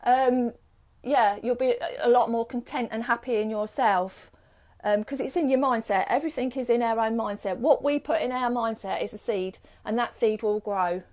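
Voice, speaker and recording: In a slightly high voice with a darkish tone, a middle-aged British woman chats at a moderate pace. Hosting her live stream as a card reader, she rambles casually through one rhetorical question after another.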